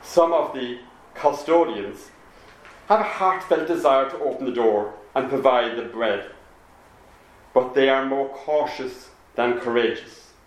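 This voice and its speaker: A man voicing an earnest gay Presbyterian man from Belfast, in a Belfast accent, reading slowly and deliberately. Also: mid-range voice, natural voice. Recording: echoey room.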